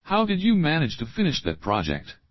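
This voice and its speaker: A male teacher reads practice questions aloud, first the opening words and then the full question. His pitch moves a lot from line to line. The recording is dry and close, with a slightly muffled tone. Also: wildly swooping pitch, no room sound. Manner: slow, clear drill reading, repeating each opening phrase. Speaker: English teacher. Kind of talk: reading example questions for learners.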